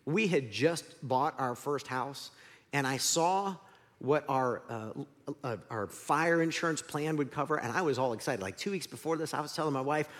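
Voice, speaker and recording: A man's voice: mid-range voice, moderate pace, fairly bright tone. A middle-aged male pastor preaching a candid, self-deprecating sermon full of stories. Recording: long hall reverb.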